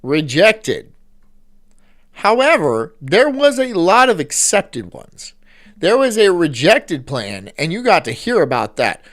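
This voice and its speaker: Man, streamer host, casual reaction talk, rambling, swearing, slightly high voice, bouncy pitch. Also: huge pitch swings, takes it slowly, fairly bright tone. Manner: rambling, swearing, incredulous asides.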